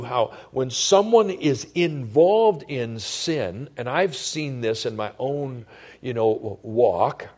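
Husky-voiced man preaching conversationally. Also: mid-range voice. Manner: conversational preaching, swings between loud emphasis and hushed tones. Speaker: pastor. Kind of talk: sermon.

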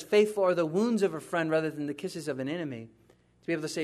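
A pastor preaching a conversational sermon, moving between hushed, intimate passages and emphatic, rising ones. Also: male voice, fairly high pitch, fairly even intonation, quick pace.

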